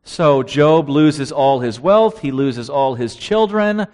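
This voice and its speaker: A male preacher delivering a sermon at an unhurried, deliberate pace. He reads scripture aloud and keeps putting rhetorical questions to his listeners, in a voice set a little high for a man. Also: darkish tone.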